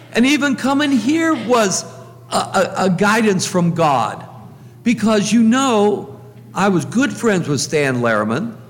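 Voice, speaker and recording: An older man, a pastor, telling chatty, joking stories of his life in a farewell talk to his church. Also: fairly high pitch. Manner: chatty storyteller, jokes and repeats himself. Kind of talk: humorous farewell talk from the pulpit. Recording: long church reverb.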